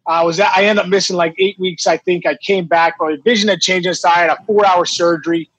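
High-voiced man telling a story. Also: brisk, breathy edge, no room sound, low-quality recording. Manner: animated, quotes others, many fillers and restarts. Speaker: former baseball player, guest. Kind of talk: casual storytelling.

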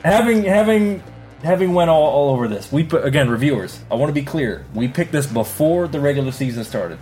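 A man's voice: fairly high pitch, animated, a little fast, darkish tone, faint music behind. A man co-hosting a casual sports podcast, hyping results and singing out "ding" for each correct pick. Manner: hypes announcements, sings out "ding" on picks. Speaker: podcast co-host.

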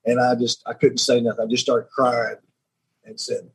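A man, a podcast guest telling a personal story in a halting, repeating way, often dropping quiet. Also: completely flat delivery, creaky, slightly rough, rough recording. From Alabama. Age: 30s. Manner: halting, repeats words, voice drops low and quiet when moved. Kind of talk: emotional storytelling.

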